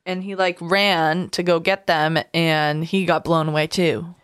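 A woman's voice: lowish voice, little pitch movement, a little slow, smooth, no room sound, clean studio sound. A woman co-hosting a casual podcast chat, chatty and giggly.

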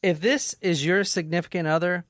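A woman's voice: on the low side, fairly even intonation, moderate pace, no echo, studio quality. A woman hosting a casual true crime podcast, blunt and jokey, often laughing as she walks through the case.

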